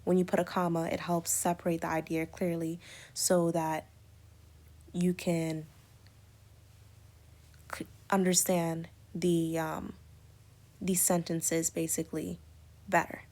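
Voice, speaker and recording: A woman's voice: on the low side, level tone, slow pace, long pauses, darkish tone. A woman teaching an English lesson, explaining punctuation step by step with many spoken examples and fillers. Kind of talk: recorded lecture on punctuation.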